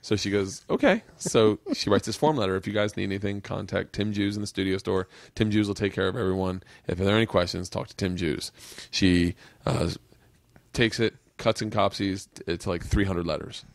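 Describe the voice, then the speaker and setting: Man, forties, podcast host, animated storyteller, swears a lot, does quick voices, dry close mic. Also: low-pitched, gravelly, dry recording. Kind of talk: casual comedic storytelling.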